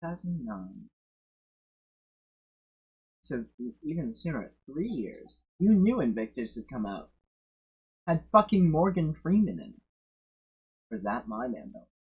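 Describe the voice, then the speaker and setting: Husky-voiced man streaming casually. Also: medium pitch, a little slow, pauses often. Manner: swearing, loud bursts of excitement. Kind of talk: casual reaction commentary.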